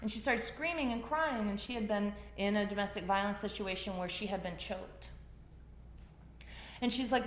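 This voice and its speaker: A woman with a somewhat high voice teaches yoga, speaking to the class at a moderate pace in a conversational, story-like manner. The recording has a little hiss or hum, echo from the classroom and faint ambience.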